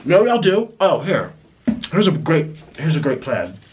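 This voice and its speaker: A man's voice: a little high, big pitch swings, normal speed, darkish tone, lo-fi sound. Chatty young man rambling while eating. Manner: chatty, rambling, with frequent restarts and aside remarks. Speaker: mukbang vlogger. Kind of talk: casual eating-video chat.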